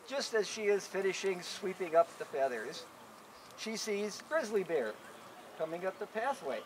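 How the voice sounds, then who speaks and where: A man's voice: high-pitched, slight background noise, poor audio. A man telling a folk tale to a live audience, playful and chuckling, often repeating his words. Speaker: storyteller. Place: live event recording.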